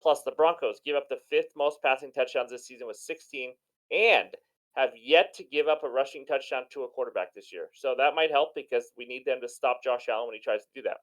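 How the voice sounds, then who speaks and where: A man hosting a sports betting show, giving enthusiastic and chatty commentary on his picks in a hoarse voice. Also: medium pitch, brisk, poor audio. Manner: enthusiastic, chatty, self-deprecating. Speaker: sports betting channel host.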